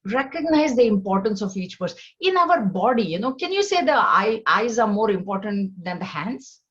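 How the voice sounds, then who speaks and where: A woman teaching a scripture class, earnest, often restarting her sentences and rising in pitch to stress her points. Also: big pitch swings, normal speed, fairly bright tone, highs cut off. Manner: earnest, repetitive, with many restarts. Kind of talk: spiritual lesson on scripture.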